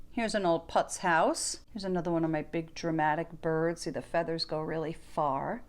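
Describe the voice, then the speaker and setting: A woman's voice: on the low side, darkish tone. A woman giving a casual, enthusiastic show-and-tell of her vintage ornament collection in her living room. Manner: chatty, enthusiastic, gushing over finds.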